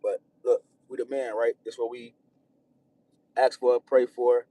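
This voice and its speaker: A man livestreaming, venting about his troubles while near tears, rambling and repeating himself, swinging from loud outbursts to hushed, almost whispered lines. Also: medium pitch, level tone, unhurried. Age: adult with children. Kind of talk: emotional personal venting. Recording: distant mic, faint room noise.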